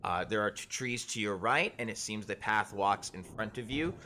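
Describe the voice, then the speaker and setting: A man's voice: lowish voice, expressive, normal speed, background noise. A man narrating as game master of a tabletop game, casual, with many fillers and restarts.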